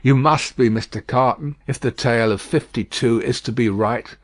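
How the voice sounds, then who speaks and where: A timid, trembling prison spy, played by a male audiobook reader. He talks fast and nervously, eager to reassure. The sound is dry and close. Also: mid-range voice, no echo, natural voice. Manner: nervous, hurried. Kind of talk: audiobook reading.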